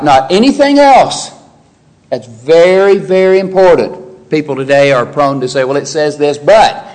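A man preaching an expository sermon in an earnest, emphatic way, his pitch and loudness swinging widely as he presses his points.

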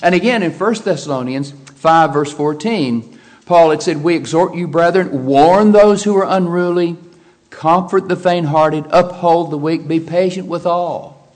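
A man preaching a sermon, stressing and repeating key phrases, moving between forceful emphasis and quieter explanation. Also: on the high side, unhurried.

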